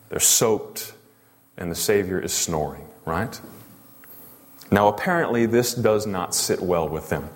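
A male pastor preaching a sermon, emphatic and full of rhetorical questions to the congregation. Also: fairly low pitch. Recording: long reverb of a large hall.

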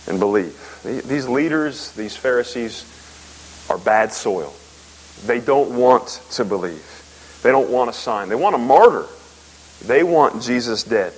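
Emphatic male preacher, faint hiss. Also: low-quality recording. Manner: emphatic, rising to loud peaks and dropping low; repetitive rhetorical questions. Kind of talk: sermon.

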